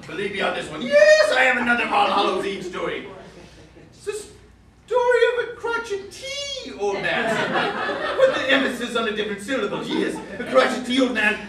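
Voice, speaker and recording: A man acting out an excitable Victorian author who pitches one odd story after another, his voice very high and swooping. He rambles, keeps repeating "yes, yes" and bursts into theatrical shouts, heard from a distance in an echoey theater with audience laughter. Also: fast, hardly any pauses, a crowd in the background. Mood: eager. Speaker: sketch comedy actor. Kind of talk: live stage sketch comedy. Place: theater stage with live audience.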